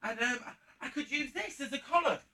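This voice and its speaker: An earnest, jumpy young lad, fresh to the city, as a performer acts him out on a pantomime stage. The voice is lively in pitch and bright in tone. It is heard from a distance. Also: brisk, full character voice. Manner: earnest, nervous, stammering.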